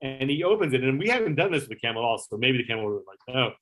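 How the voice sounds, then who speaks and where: His mid-range voice runs very fast with a sing-song lilt and a fairly bright tone. A middle-aged ex-talk show producer, he tells a story in a casual interview, performing the voices he quotes amid lots of fillers and swearing.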